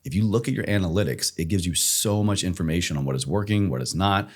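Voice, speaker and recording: Very deep-voiced podcast host. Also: male voice. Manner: reflective, measured, shares advice. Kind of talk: casual interview chat.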